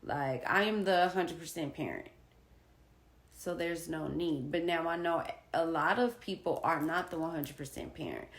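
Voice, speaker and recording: A woman's voice: sits low, moderate pace, reverberant. A woman candidly retelling a personal co-parenting story to her viewers, acting out quoted conversations. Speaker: vlogger sharing personal experience. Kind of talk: casual personal storytelling to camera.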